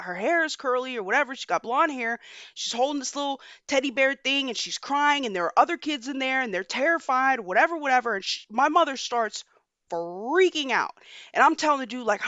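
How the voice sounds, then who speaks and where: A young woman hosting a podcast, telling a story in a casual, animated way and cursing freely. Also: high voice, brisk, dry recording, muffled recording. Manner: animated, profane storytelling with slang. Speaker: podcast host.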